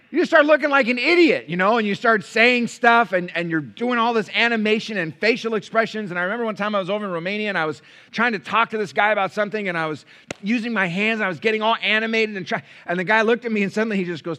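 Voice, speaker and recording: Speaking quickly in a voice that sits high, a male pastor preaches a sermon in a church sanctuary. His storytelling is animated, and he acts out the voices of the figures he describes. The sound comes through a pulpit mic.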